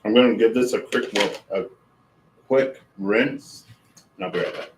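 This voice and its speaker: A man's voice: lowish voice, measured pace, long pauses, echoey room, a little hiss or hum, poor audio. A man streaming casually at home, rambling and amused with himself while he cooks and eats. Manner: rambling, self-amused, talks with mouth full. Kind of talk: casual livestream chat while cooking and eating.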